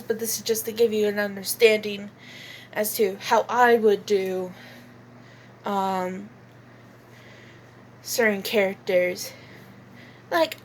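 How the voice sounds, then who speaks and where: Woman host, casual chat, hesitant, giggly, slow. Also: fairly high pitch, a bit bright, a little hiss or hum. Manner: hesitant and giggly, many fillers. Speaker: channel host. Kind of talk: casual voice-acting demo.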